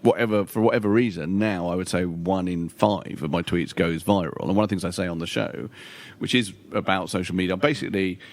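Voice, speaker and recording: Deep-voiced, rambling man. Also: fairly even intonation, fairly quick, few pauses. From London. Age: middle-aged. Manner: rambling, swears, frequent restarts. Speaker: guest comedian. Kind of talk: casual chat.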